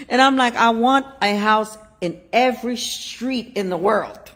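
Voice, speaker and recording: Haitian lady telling a story, laughs a lot, gets loud then goes quiet. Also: a little high, unhurried. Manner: animated, laughing, swings from loud to hushed. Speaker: show host. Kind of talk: casual storytelling chat.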